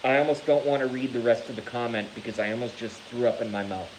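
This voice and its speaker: A man vlogging to his channel in a casual rant, animated and theatrical, swearing freely. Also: mid-range voice, fast, slight background noise, rough recording. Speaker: YouTube vlogger.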